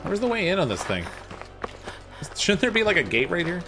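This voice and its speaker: Male streamer, casual gameplay chatter, animated intonation. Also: high voice, fairly quick. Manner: chatty, rambling, self-deprecating. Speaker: gaming streamer. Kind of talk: live gameplay commentary. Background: loud game music.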